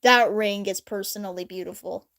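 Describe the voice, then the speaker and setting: A woman's voice: mid-range voice, normal speed, vocal fry. A young woman vlogger telling a story in a casual, chatty way, laughing often. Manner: giggly, animated, chatty with frequent laughs. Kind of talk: casual storytelling, reading an old drawing.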